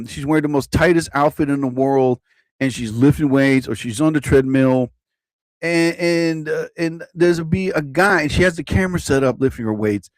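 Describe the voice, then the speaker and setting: Male live-stream host, rambling profane rant, fairly high and lively pitch, dry mic. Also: no echo. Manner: animated, profane, repeats himself. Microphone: own desk mic.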